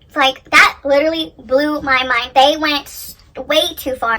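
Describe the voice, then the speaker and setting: A woman chatting casually while doing her makeup, retelling a reality show with lively acted quotes. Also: high-pitched, unhurried. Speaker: beauty vlogger. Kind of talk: casual get-ready-with-me chat.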